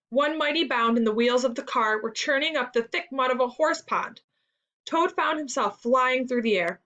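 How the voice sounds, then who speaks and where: Woman reading a children's classic aloud with expressive storytelling, muffled sound. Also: a little high. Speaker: story reader in a school reading lesson. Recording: dull lo-fi recording.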